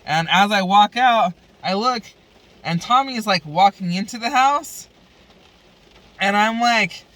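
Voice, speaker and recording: A woman's voice: mid-range voice, expressive, unhurried, a bit bright. A woman vlogger telling a story in casual chat, rambling and profane, full of fillers.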